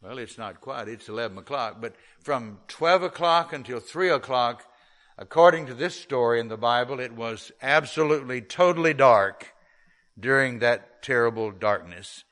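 A man's voice: medium pitch, lively intonation, normal speed, fairly bright tone. A middle-aged male pastor preaching a sermon, earnestly reading and explaining scripture.

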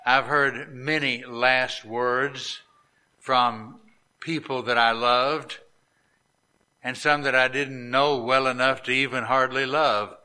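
A middle-aged man, a pastor, preaching a sermon and telling stories in an earnest, deliberate cadence. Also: medium pitch, sharp tone, clean tone. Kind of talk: sermon storytelling.

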